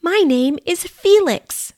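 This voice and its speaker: A woman's voice: extremely high pitch, expressive, takes it slowly, darkish tone, dry recording, clean studio sound, voice pushed up, full character voice. A woman voicing a small, friendly male mouse in a storybook reading for learners.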